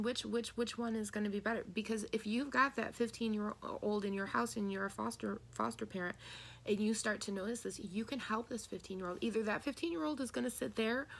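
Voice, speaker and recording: A woman's voice: medium pitch, gravelly, slight background noise. A woman reading tarot and channeling messages, talking earnestly and asking listeners rhetorical questions. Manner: earnest, rhetorical questions, acts out quoted voices. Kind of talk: spiritual channeling talk.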